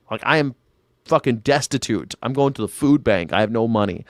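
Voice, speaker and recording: A man's voice: medium pitch, expressive, moderate pace, no echo, studio quality. A male independent commentator chatting casually with his stream viewers, rambling, sarcastic and full of profanity. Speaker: independent news and culture commentator. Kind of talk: casual livestream chat reading viewer comments.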